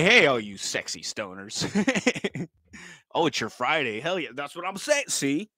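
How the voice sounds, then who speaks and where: A man's voice: medium pitch, bright, forceful tone, dry recording. A man, chatting casually on a livestream, joking, laughing often and swearing freely. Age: 30s. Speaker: livestream vlogger.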